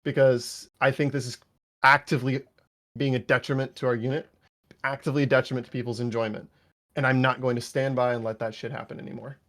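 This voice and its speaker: A man's voice: mid-range voice, flat delivery, quick pace, a bit bright. A man on unit staff giving a stern after-action debrief over voice chat. He scolds bluntly and swears.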